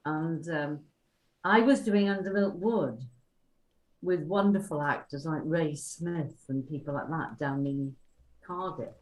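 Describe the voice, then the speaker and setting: A woman's voice: low-pitched, takes it slowly, darkish tone, rough recording. A woman telling meandering, chatty stories about her acting career. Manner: chatty, meandering anecdotes with fillers. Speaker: actress recalling her career. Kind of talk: casual reminiscing on a video call.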